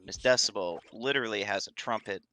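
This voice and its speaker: A man's voice: lowish voice, fairly quick, creaky, bright, forceful tone. A man casually commentating a speedrun relay, explaining game lore and laughing along with his co-commentators. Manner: chatty, laughing often, explanatory.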